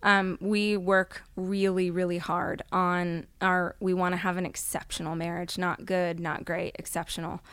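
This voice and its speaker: A woman speaks as a guest in a studio interview, her voice smooth and resonant and set slightly low. She tells a personal story with open emotion and often drops to a hushed tone when she quotes someone. The sound is close and dry, with no room around it. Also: little pitch movement, measured pace, hardly any pauses, no echo. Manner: heartfelt, drops to hushed tones when quoting others. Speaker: guest author.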